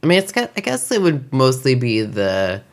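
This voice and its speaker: A woman with a strikingly low voice talks in a loose, gushing way, full of "like" and quick asides. She sounds excited as she tells friends about the story she loves. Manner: enthusiastic, gushing, lots of "like". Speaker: podcast co-host discussing fan fiction. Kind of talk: casual group chat.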